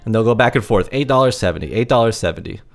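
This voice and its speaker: A fairly low-pitched man speaks in an animated, racing way. He's co-hosting a podcast from his apartment, chatting casually and rambling with plenty of filler words.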